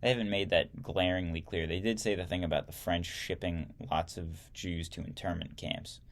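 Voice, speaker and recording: A man's voice: low-pitched, fairly even intonation, normal speed. Man reading history aloud, stumbling. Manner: stumbles and corrects himself while reading, adds wry asides. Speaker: podcast host reading a history text.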